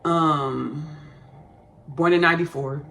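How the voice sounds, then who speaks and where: A woman's voice: deep voice, steady tone, slow pace, gravelly, fairly bright tone. A woman in her thirties with a Texan Southern accent, rambling casually through a spiritual podcast monologue full of repetition and jargon. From Austin, Texas. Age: 30s. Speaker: podcast host.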